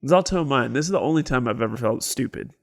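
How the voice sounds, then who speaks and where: A man in his thirties with a gravelly, fry-heavy voice sits in as a podcast co-host. He tells stories in a casual, animated way, whispering some quoted lines and shouting others as he acts them out. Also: medium pitch, fast. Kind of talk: casual storytelling chat.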